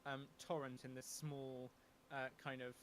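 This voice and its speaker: A man's voice: medium pitch, flat delivery, a little slow, a bit bright, slight background noise. Hesitant man running a tabletop game. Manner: hesitant, many ums and restarts. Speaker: game master.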